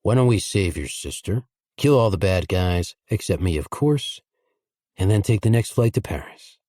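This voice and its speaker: A man voicing a cocky, crude, smooth-talking crime boss with a low seductive drawl, in audiobook dialogue. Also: animated, moderate pace, dark tone, no echo, clean studio sound. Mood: teasing. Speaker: audiobook voice actor.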